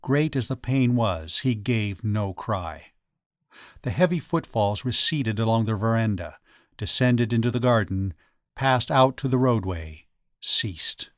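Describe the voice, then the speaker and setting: A man narrating a ghost story audiobook in a measured, dramatic way. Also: lowish voice, lively intonation, dry recording, clean studio sound. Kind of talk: scripted narration.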